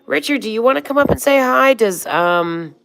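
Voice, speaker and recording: With vocal fry and a fairly high, somewhat bright voice, a woman in her sixties chats expressively at normal speed on a casual livestream. She reads comments, calls viewers honey and sweetheart, and drops the occasional swear.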